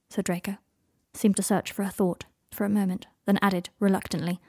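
A woman narrating fan fiction as an audiobook, with measured, unhurried phrasing. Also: medium pitch, little pitch movement, dark tone, husky, no echo, studio quality.

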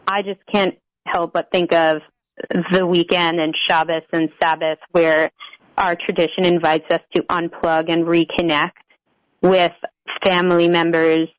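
A woman's voice: on the low side, no room sound, poor audio. A woman speaking as a therapist guest on a radio interview, thoughtful and searching for words as she explains. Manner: thoughtful, with fillers and restarts. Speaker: psychiatric nurse practitioner and psychotherapist.

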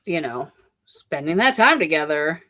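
A woman in casual chat, reviewing a novel in a relaxed, candid way and swearing now and then. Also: low-pitched, a little slow. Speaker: book discussion co-host.

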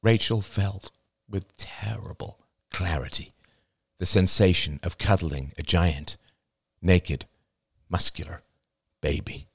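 A man narrating an audiobook chapter in an expressive, dramatic reading style. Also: low-pitched, slow, gravelly, husky, no room sound, clean studio sound. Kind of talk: scripted narration.

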